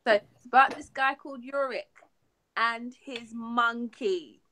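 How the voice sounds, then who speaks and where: A young woman co-hosting a geek podcast, chatting excitedly and laughing often. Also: a little high, measured pace. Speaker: podcast co-host. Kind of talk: casual geek chat.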